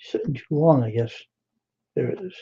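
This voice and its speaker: A man's voice: mid-range voice, expressive, normal speed, warm tone, slightly rough, dull audio. A man chatting casually on a live stream, retelling a story with lots of repetition. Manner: repetitive, plain-spoken storyteller.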